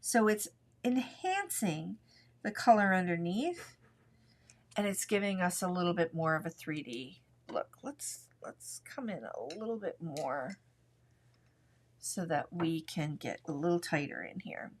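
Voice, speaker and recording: A woman leads a live coloring lesson from her craft desk, speaking in a relaxed, chatty way. She talks through every pencil stroke as she works, and her voice sits close to a desk mic. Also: on the low side, unhurried. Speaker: art instructor.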